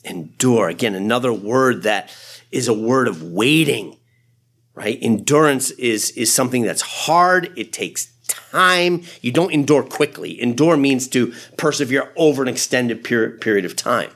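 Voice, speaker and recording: A man who is a pastor, preaching a sermon in an animated, conversational way with frequent asides. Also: medium pitch, measured pace.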